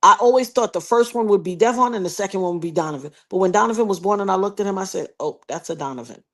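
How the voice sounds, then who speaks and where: A middle-aged woman telling a personal story in an animated, emphatic way, acting out quotes and speaking straight to the listener. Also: medium pitch, racing. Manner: emphatic, addresses listener directly, acts out quotes.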